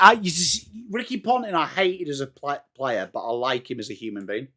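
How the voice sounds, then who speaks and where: A man from England, speaking fairly quickly in a bright, forceful, medium-pitched voice, hosts a live match watchalong. Between calling the play, he chats casually and replies to comments from viewers.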